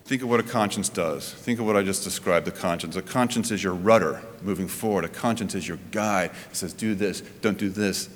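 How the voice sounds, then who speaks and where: A pastor preaches conversationally, his pitch climbing and dropping, restarting often. He talks briskly with hardly any pauses, and the sound is of a big room.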